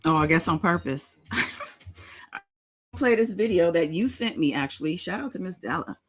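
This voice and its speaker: A woman's voice: lowish voice, expressive, moderate pace, rough recording. A woman hosting a casual live stream in a sing-songy voice, greeting her chat members by name. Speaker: livestream host.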